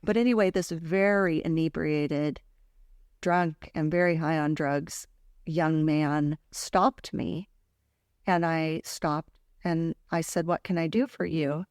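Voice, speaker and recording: A woman's voice: low-pitched, steady tone, slow pace, a little mellow, clear, resonant tone, no room sound. Earnest woman podcast host, dry sound. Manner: earnest, heartfelt storytelling. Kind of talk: casual faith podcast talk.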